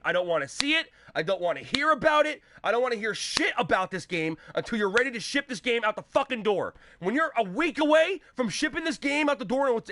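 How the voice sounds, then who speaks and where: A man hosting a live gaming show on a headset mic, ranting angrily with constant swearing and bursts of shouting. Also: very high voice, no echo. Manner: angry, profane, shouting at times.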